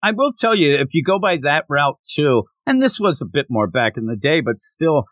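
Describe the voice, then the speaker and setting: Man, casual podcast chat, lively pitch swings, dry close sound, playful character voices. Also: no echo. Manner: acts out character lines in quick put-on voices. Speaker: podcast co-host.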